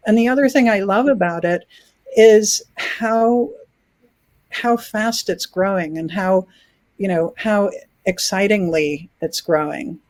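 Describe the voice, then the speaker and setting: A woman's voice: mid-range voice, takes it slowly, no echo. A woman in her sixties from New York who grew up in England, answering interview questions in a conversational way with frequent restarts and easy laughter. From New York, raised in England. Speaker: film festival founder.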